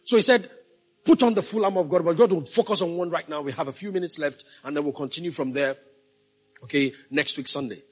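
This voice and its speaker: A man preaches from the pulpit, his voice high and somewhat husky. He drives points home by repeating short phrases and checking in with his listeners. Faint music plays underneath. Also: quick pace. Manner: emphatic, repeats key phrases, asks the congregation questions. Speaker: pastor. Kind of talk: sermon.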